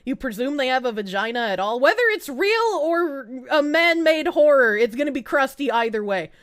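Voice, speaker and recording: Gruff Boston woman, high and lively. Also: normal speed, dry recording, studio quality. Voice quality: gruff, grating. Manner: blunt and profane, laughs often. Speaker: VTuber streamer. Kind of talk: casual live-stream chat.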